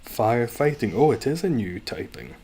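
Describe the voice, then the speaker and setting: A Scottish man streams a game from home, his mid-range voice expressive and mellow at a moderate pace, with slight background noise. Between moves he rambles wryly and chats with his viewers.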